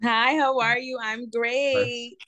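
A woman's voice: fairly high pitch, level tone, slow pace, sharp tone, dry recording, highs cut off. Twenty-something jersey girl, chatty and slangy, lots of ums, dry close sound. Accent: New Jersey. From New Jersey. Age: 20s. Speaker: guest entrepreneur. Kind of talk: casual interview.

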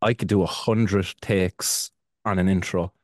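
A man's voice: low voice, fairly even intonation, moderate pace, darkish tone, dry recording, clean studio sound. A man from Ireland with an Irish accent, chatting casually as a podcast guest, cursing freely and restarting his sentences. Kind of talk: casual chat.

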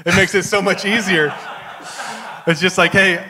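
A man's voice: high-pitched, fairly even intonation, moderate pace, big-room sound, background noise. A man hosting a casual interview chat, asking rambling questions in a friendly, joking way. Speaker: live-stream host.

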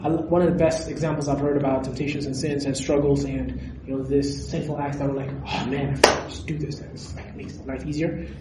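A man preaching a sermon, animated and questioning his audience directly. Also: mid-range voice, brisk, very noisy. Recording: echoey hall recorded from a distance.

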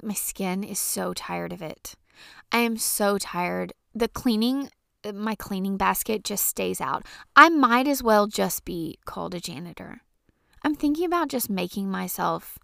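A woman's voice: medium pitch, vocal fry, fairly bright tone, no echo, studio quality. A woman in her thirties hosting a podcast, ranting casually and profanely with exasperation. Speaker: podcast host.

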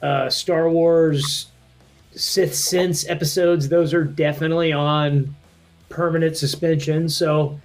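A man's voice: a little high, little pitch movement, slow pace, faint music behind. A man co-hosting a casual comedy podcast, rambling with restarts and laughing often. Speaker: podcast co-host and editor.

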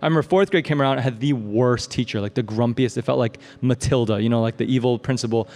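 A man from the Midwestern United States preaching a sermon in a casual, animated storytelling style, often asking "right?" and using fillers. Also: mid-range voice, fast. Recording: long hall reverb.

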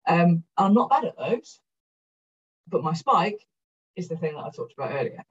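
A middle-aged Welsh woman speaks frankly to a conference audience, joking at her own expense and swearing freely. Her voice sounds breathy and husky, heard from some distance away. The recording is dull and muffled. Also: on the low side, normal speed. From South Wales. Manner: frank and energetic, swears casually, self-deprecating. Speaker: keynote speaker. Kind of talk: candid conference talk. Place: conference room.

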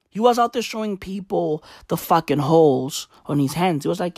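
Woman comic, profane rambling monologue with shouted bursts, dry close sound. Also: mid-range voice, big pitch swings, measured pace, few pauses, no echo. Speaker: comedian.

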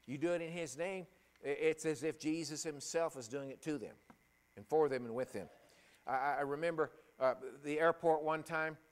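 A middle-aged man preaching a sermon and telling a personal story, halting and emotional, with many restarts. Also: on the high side.

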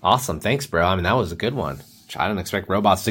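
Young man, very low voice, podcast host, rambling, full of ums, joking around. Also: racing, hardly any pauses, a bit bright. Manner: rambling, filler-heavy, joking. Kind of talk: casual comedy podcast chat.

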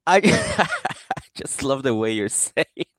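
Giggly podcast co-host, lively pitch. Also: male voice, measured pace, no room sound. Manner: giggly, retells scenes with quoted voices. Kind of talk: casual reality-TV recap banter.

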